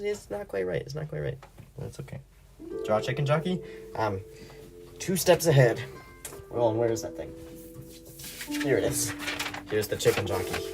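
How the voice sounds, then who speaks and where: Over background music, a young man rambles casually on a livestream as he draws, giggling and poking fun at himself. His voice sits fairly low and has vocal fry.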